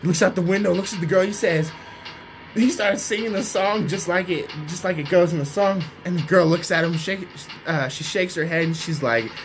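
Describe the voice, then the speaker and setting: A man's voice: sits high, moderate pace, soft background music. Young man telling a rambling story. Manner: rambling anecdote, keeps tagging lines with "right?". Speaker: vlogger. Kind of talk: casual storytelling.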